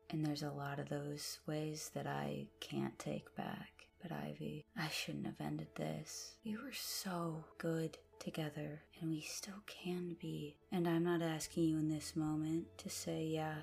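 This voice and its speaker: A woman's voice: sits low, level tone, a little slow, vocal fry, few pauses, darkish tone, faint music behind, exaggerated voice. A woman voicing a troubled teenage boy, an ex-boyfriend pleading to get back together. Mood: earnest.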